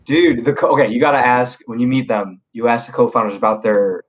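A man's voice: mid-range voice, a little fast, muffled recording. A young man telling stories on a podcast in a casual, slangy way, with lots of fillers and restarts. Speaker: podcast guest. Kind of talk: casual storytelling chat.

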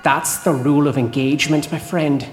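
Woman putting on a sly, sneering little man in a black cloak, taunting his victim in a horror audio drama, drawn out in places. The voice sits low and sounds roomy, with a music score underneath. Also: fairly even intonation, moderate pace, lightly acted. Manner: taunting, casually threatening. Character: sneering small thin cloaked man, menacing.

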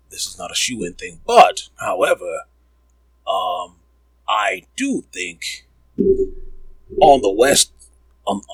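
A man's voice: sits low, fairly bright tone, husky, dry recording, rough recording. A man hosting a comedic sports podcast, rambling and riffing with profanity.

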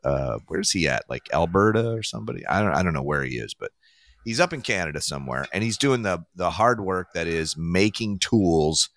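A man's voice: low voice, lively intonation, a little fast, fairly bright tone, dry recording. A man hosting a podcast in casual chat, rambling and joking, laughing at his own jokes. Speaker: podcast host.

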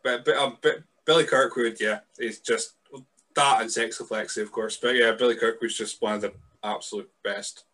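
A man's voice: mid-range voice, steady tone, normal speed, fairly bright tone. A man hosting his podcast, chatting in an easygoing, sweary way with plenty of hesitant fillers. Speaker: podcast host. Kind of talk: casual podcast chat.

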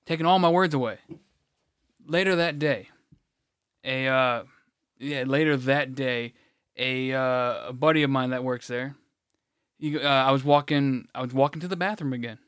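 A man's voice: mid-range voice, normal speed, pauses often, fairly bright tone, clear, resonant tone, no room sound, studio quality. A man co-hosting a podcast, telling a rambling, blunt story in casual chat, swearing freely and restarting his sentences. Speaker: podcast co-host.

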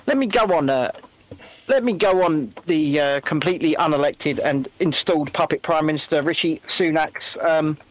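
A man co-hosting a casual political podcast, full of mockery and sarcasm. His voice sits high and swings widely in pitch. The recording is dry and close, with no room sound. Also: no echo, poor audio. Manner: mocking, does sarcastic impressions. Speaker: podcast co-host.

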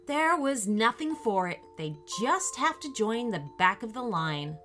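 A woman narrating a children's story with an expressive, animated reading. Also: a little high, a little slow, faint music behind.

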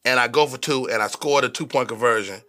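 A man's voice: medium pitch, quick pace. A male comedian telling stories about his early tour days in a casual podcast conversation. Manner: relaxed anecdote telling. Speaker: comedian, guest. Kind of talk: casual chat.

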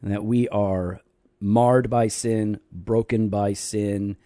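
A man co-hosting a casual theology podcast, dry and teasing, slowing down when he explains doctrine. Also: fairly low pitch, fairly even intonation, dark tone, no echo. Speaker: podcast co-host.

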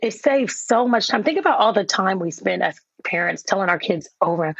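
A woman author being interviewed about raising kids, telling lively stories and acting out the voices of herself and her children. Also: mid-range voice, brisk, creaky, hardly any pauses, husky, no room sound. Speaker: author and guest. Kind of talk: conversational interview. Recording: dull, dry sound.

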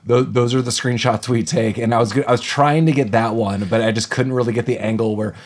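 A man's voice: medium pitch, a little fast. A man co-hosting a podcast, recapping a film in casual chat and acting out the characters' lines as he goes. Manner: animated retelling with acted-out quotes. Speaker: podcast co-host.

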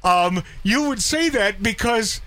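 A man hosting a casual radio chat, excitable, tripping over restarts. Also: high voice, slow, no echo. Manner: excitable, stumbling restarts, laughs often. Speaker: radio host.

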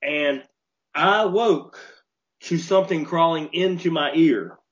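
Animated man telling a story, lo-fi. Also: on the high side, slow pace. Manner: animated storyteller, repeats and restarts when worked up. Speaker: podcast co-host. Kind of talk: casual storytelling chat. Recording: dull lo-fi podcast audio.

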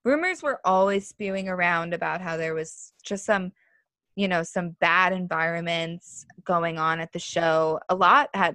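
A woman's voice: on the low side, pushed and bright, clear, resonant tone, no echo. A young woman in her twenties co-hosting a casual podcast, chatty and opinionated, full of "like" fillers. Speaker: podcast co-host. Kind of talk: casual chat.

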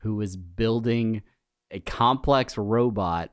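A man's voice: fairly low pitch, slow, dry recording, studio quality. A man co-hosting a podcast, chatting casually and joking about himself. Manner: rambling, jokey, self-deprecating. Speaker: podcast co-host.

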